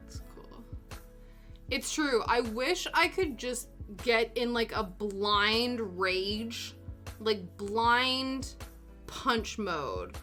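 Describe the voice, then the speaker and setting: A young woman chatting casually while she crafts on a stream, self-deprecating and quick to laugh, with soft music playing behind her. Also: fairly high pitch, lively intonation. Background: soft background music.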